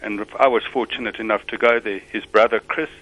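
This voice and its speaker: A man's voice: on the low side, steady tone, a little fast, a bit bright, low-quality recording. A male caller and former pupil sharing memories of his school on a radio show. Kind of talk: phone-in recollection.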